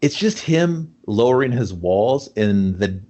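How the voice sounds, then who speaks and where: A man co-hosting a casual movie review chat, swearing a lot and acting out scenes in gruff put-on voices. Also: medium pitch, slow pace. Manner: profane, animated, acts out scenes in gruff voices. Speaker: podcast co-host.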